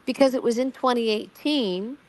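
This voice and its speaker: A woman's voice: a little high, normal speed. Rambling middle-aged woman telling a story. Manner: rambling, repeats words and restarts, quotes others in her story. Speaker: guest recounting her own amateur investigation. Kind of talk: casual storytelling conversation.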